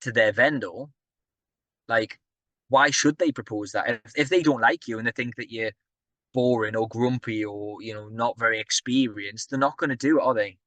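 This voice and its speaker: A man giving an energetic, conversational business talk, often turning to the audience with questions. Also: medium pitch, moderate pace, no echo. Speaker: property business speaker.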